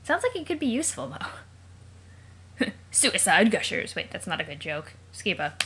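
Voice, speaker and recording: A woman's voice: mid-range voice, sing-song, normal speed, bright, forceful tone, slightly rough. A woman hosting a let's play, reading a webcomic aloud and breaking off into chatty, joking asides and questions she wonders about aloud. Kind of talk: casual read-aloud with commentary.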